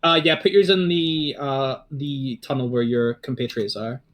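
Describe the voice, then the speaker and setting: A man's voice: medium pitch, steady tone, normal speed, fairly bright tone. A man narrating a tabletop game as dungeon master, talking casually, swearing and prompting his players.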